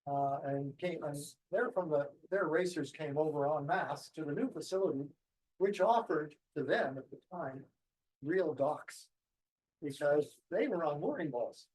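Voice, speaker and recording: A man's voice: fairly high pitch, measured pace, a little mellow, poor audio. A man giving an anecdotal presentation to a club, rambling a little with ums and restarts. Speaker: guest speaker.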